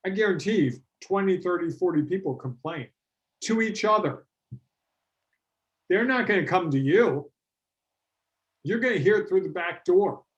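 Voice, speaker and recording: A middle-aged man presenting a business workshop in a conversational way, telling stories and acting out what his clients say. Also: high-pitched. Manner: animated storytelling, acts out quoted clients.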